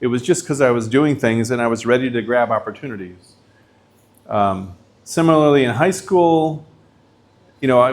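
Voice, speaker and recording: A middle-aged man, a professor, giving a lecture in a casual, chatty way, full of likes and you-knows. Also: mid-range voice.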